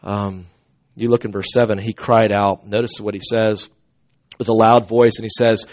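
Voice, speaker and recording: A man preaching a sermon as pastor, in a conversational, animated storytelling way. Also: fairly low pitch, normal speed, lo-fi sound.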